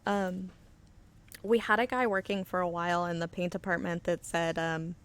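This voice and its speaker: A woman's voice: fairly low pitch, steady tone, moderate pace, fairly bright tone, smooth. A woman hosting a live stream where she paints miniatures, chatting in a rambling way and reading viewer comments aloud. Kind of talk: casual chat while demonstrating. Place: indoor studio under flood lighting. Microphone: webcam on auto settings.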